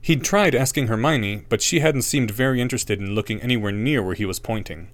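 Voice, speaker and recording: A man narrating an audiobook with an expressive, wry reading. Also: medium pitch, no room sound.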